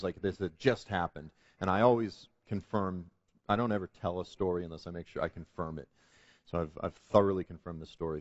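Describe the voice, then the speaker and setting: A man's voice: deep voice, no room sound, lo-fi sound. A man telling a testimony story as a guest on a Christian talk show, earnest and building to emphatic preaching. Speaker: guest speaker.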